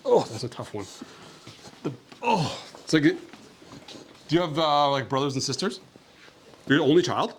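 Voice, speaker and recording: A man's voice: on the high side, sing-song, normal speed, pauses often, slight background noise. A young man from Canada chatting casually with a school class about his travels, upbeat and friendly, with lots of "like" fillers. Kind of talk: casual talk and Q&A with children.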